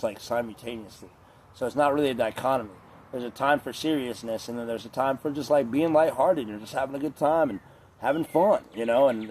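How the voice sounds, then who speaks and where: A man's voice: mid-range voice, a little mellow, slight background noise. Male vlogger, mid-range voice, loose profane rambling delivery, faint background ambience. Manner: rambling, profane, heavy on filler words. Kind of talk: casual rant to camera.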